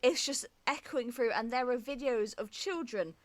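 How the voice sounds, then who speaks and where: A young woman narrating a tabletop horror game as game master, slowing down and laughing as she builds the spooky moments. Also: on the high side, no echo. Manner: laughs through her narration, drawn-out for spooky effect.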